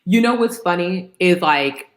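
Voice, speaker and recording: A woman's voice: on the low side, a little slow. A young woman co-hosting a casual podcast chat, telling stories emphatically with plenty of slang. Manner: animated, emphatic storytelling with slang. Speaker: podcast co-host.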